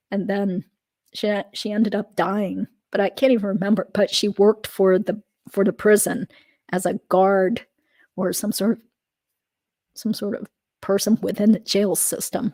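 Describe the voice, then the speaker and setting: A woman hosting a live stream, reading chat comments aloud and thinking out loud in casual talk full of fillers and easy laughs. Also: mid-range voice, dry recording.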